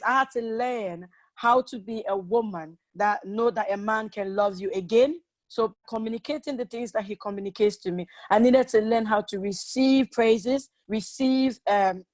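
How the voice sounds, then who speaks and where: A woman's voice: fairly high pitch, no room sound. Candid woman telling relationship stories. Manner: candid storytelling, acts out quoted lines. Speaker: seminar speaker. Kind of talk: personal testimony talk.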